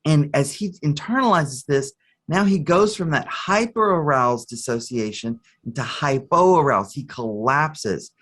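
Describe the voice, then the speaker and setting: A man's voice: fairly high pitch, measured pace, a bit bright. A man, a therapist guest on a podcast, explaining with a story and clinical terms. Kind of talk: podcast interview.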